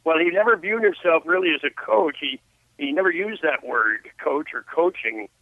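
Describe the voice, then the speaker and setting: A man's voice: on the high side, animated, moderate pace, dry recording. Older man on a tinny phone line. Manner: reflective storyteller with frequent restarts. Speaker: author and guest. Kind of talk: phone interview.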